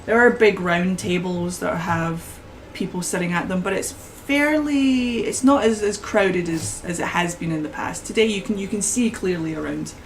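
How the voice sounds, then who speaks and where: A woman running a tabletop game, her voice on the lower side. She describes scenes unhurriedly, often restarting a thought mid-sentence. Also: moderate pace, hardly any pauses, a little hiss or hum, low-quality recording. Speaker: game master.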